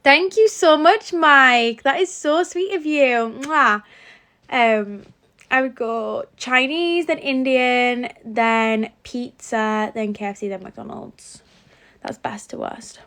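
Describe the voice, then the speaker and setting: Young woman; giggly, chatty livestream host on a phone mic, slightly high voice. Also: takes it slowly, bright, forceful tone. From England. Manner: giggly, chatty, answers viewer comments. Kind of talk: casual live-stream chat reading comments.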